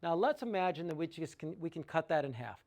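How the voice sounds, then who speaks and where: A man's voice: fairly high pitch, sing-song, fast talker, darkish tone. A man giving an informal sales talk about water treatment, working through sums aloud with enthusiasm and rhetorical questions.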